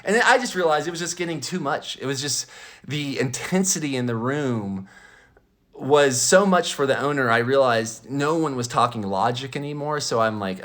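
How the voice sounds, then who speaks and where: A man telling a story as a podcast host, indignant and animated, acting out both sides of an argument with many restarts and stammers. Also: mid-range voice, moderate pace. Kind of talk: ranting storytelling monologue.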